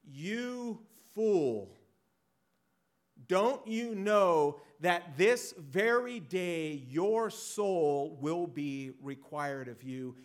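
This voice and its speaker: A man voicing God in a sermon, rebuking slowly and loudly from further off. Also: on the high side, animated, voice pushed up. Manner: loud, slow and stern, set back from the mic.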